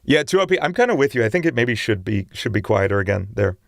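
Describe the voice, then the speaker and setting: Lively, animated male streamer. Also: mid-range voice, fast talker, creaky, dry recording, clean studio sound. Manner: chatty, enthusiastic about voice technique. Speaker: streamer and singer. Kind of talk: casual livestream chat answering viewers.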